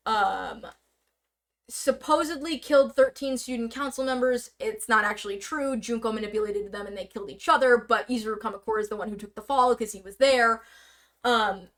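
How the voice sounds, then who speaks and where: A woman casually explaining a story on a live stream, rambling with lots of fillers and sudden bursts of fast talk. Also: a little high, a bit bright. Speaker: stream guest presenting slides. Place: streaming setup indoors.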